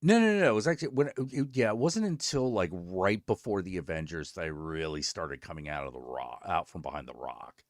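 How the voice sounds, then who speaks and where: A lower-pitched man hosting his stream, telling a story in a loose, profane way. His pitch swings widely as he acts out both sides of conversations and jumps to high exclaims. The sound is close and dry, with no room around it. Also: lively intonation, brisk, hardly any pauses, no room sound. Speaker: streamer host. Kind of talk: casual storytelling chat.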